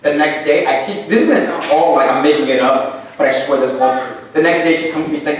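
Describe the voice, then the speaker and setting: Young man, youth sermon, animated storytelling, slightly high voice, very echoey church, mic at a distance. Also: quick pace, a little hiss or hum. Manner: animated, acts out his younger self with sudden high bursts. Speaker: youth speaker. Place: church sanctuary. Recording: very echoey church hall from far off.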